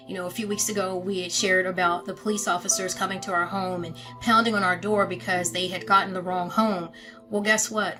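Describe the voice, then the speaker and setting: A woman giving a somber, measured, plain-spoken personal account to her followers. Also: medium pitch, poor audio. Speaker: family member making an announcement.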